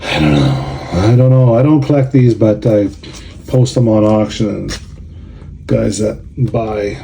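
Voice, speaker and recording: Grumbling man, slow and dark-toned. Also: fairly low pitch, fairly even intonation, creaky. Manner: grumbling, sarcastic complaints. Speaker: card collector and show organizer. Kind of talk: casual vlog, opening cards.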